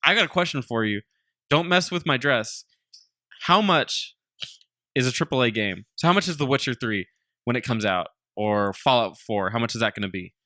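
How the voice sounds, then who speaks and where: A man hosting a gaming podcast in casual chat, lively and asking the audience questions. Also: mid-range voice, moderate pace, no room sound, studio quality. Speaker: podcast host.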